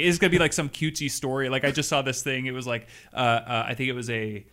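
A man's voice: mid-range voice, fast, hardly any pauses, a bit bright. A man hosting a casual podcast chat, laughing often and talking in restarts and asides. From Washington state, US. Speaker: podcast host.

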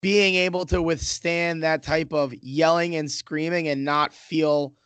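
A man's voice: fairly high pitch, fairly even intonation, measured pace, a bit bright, clean tone, no room sound. A man talking hockey as a fan, rambling and swearing, with many restarts and fillers. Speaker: Islanders fan in a hockey podcast discussion. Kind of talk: casual hockey chat.

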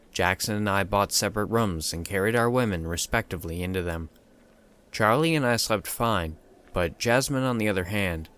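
A man narrating a first-person horror story in a steady, measured way. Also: low-pitched.

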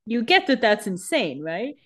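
A woman in casual chat, reacting quickly and using lots of "like" fillers. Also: a little high, big pitch swings, a little hiss or hum. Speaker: podcast co-host.

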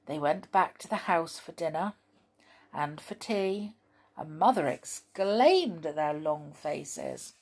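A woman reads a children's story aloud in a gentle voice. She takes her time. Her pitch moves widely and expressively from line to line. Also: slow pace, breathy edge. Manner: gentle, expressive, chatty asides.

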